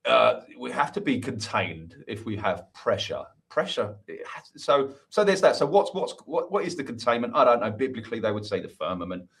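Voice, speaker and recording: A man appears as a podcast guest, a musician who talks at length. His speech is earnest and wandering, and he keeps restarting his sentences. His voice sits at an ordinary middle pitch. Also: very animated, normal speed, vocal fry, hardly any pauses, fairly bright tone. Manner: earnest, rambling, many restarts. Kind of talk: casual interview chat.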